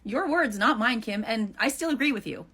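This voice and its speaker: A woman with a breathy, husky edge talks back to a critic, blunt and confrontational. Her voice sits a little high and leaps up and down as she presses each point. She swears freely and keeps hammering. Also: lively intonation, normal speed, sharp tone. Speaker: creator answering a critic. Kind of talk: heated response video.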